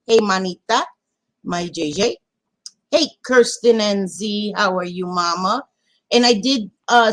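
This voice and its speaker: A woman hosting a casual livestream, greeting viewers warmly by pet names and swearing freely in animated chat. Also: medium pitch. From Latina. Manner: animated, swearing, affectionate nicknames. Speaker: livestream host.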